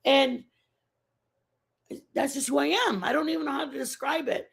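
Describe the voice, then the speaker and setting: A woman of Mexican family background talks at normal speed in a high, creaky voice. She's a livestream host having a rambling, chatty conversation with her live viewers, circling back to the same points.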